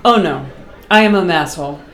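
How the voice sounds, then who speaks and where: A middle-aged woman from Boston chats as an interview guest, animated and quick to laugh. Her voice sits on the low side, and the room around her is echoey. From Boston, USA. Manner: animated, talkative, laughs often. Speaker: guest artist. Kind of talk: casual interview chat.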